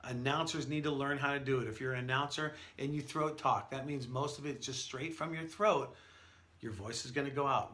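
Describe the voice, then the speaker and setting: A man who works as a professional event announcer, giving an energetic, conversational lesson with stories from his career. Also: mid-range voice. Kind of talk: instructional talk to camera.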